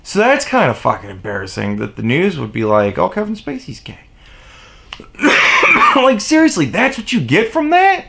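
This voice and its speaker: A man's voice: a little high, huge pitch swings, normal speed, gravelly, fairly bright tone, a little hiss or hum. A man delivering an exasperated, profane opinion rant on his vlog, with sarcastic asides. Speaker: vlogger.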